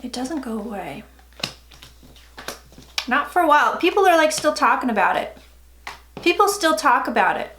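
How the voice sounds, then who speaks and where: A woman's voice: high voice, very animated, moderate pace, long pauses, fairly bright tone. A woman in her forties giving a casual tarot reading, chatty and blunt, swearing freely. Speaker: psychic tarot reader. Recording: echoey room with faint noise.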